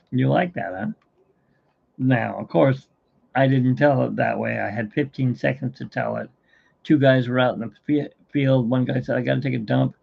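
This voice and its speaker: A man's voice: medium pitch, gravelly, breathy edge, lo-fi sound. A middle-aged man hosting a live stream, chatting casually and telling jokes in a rambling, self-mocking way.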